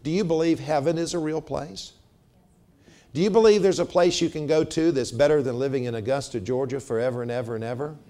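A middle-aged man preaching a sermon, measured and slowing down to stress scripture. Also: a little high, mellow. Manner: measured, slows for emphasis on scripture. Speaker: pastor.

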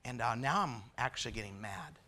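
Guy preaching his testimony, bright ringing voice, goes soft then really fired up. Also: medium pitch, expressive, brisk. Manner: quiet and confessional, building to loud fervent preaching. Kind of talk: sermon testimony.

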